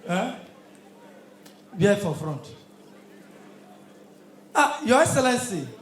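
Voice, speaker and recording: High-pitched, shouting Nigerian stand-up comedian. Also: male voice, slight background noise. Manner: loud punchy delivery in Nigerian Pidgin, shouting punchlines. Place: live comedy show stage with audience. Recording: echoey live venue with crowd.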